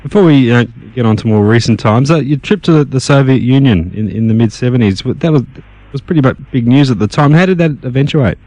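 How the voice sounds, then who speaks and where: An Australian man hosts a radio interview, putting short, plain questions and tripping over a word now and then. His voice sits mid-pitch. The sound is dry and close. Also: expressive, quick pace, darkish tone, no echo. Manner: plain, brief questions with small stumbles. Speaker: radio host.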